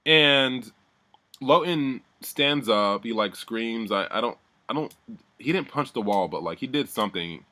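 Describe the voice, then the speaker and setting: A man's voice: medium pitch, animated, unhurried, sharp tone. A man giving a heated, profane recap of a reality show, talking animatedly and mimicking the people he describes. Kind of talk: heated casual recap rant.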